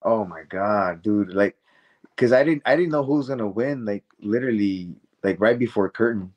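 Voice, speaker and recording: A man telling stories as a guest in a casual interview, excitable and rambling, full of "man" and "dude". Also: on the low side, normal speed. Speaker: guest, professional wrestler.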